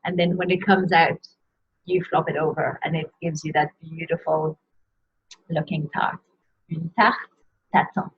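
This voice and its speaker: Slow, husky woman teaching pronunciation. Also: deep voice, steady tone. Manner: slow, careful word-by-word pronunciation with repetitions. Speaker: French teacher. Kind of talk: pronunciation lesson. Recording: dull lo-fi sound.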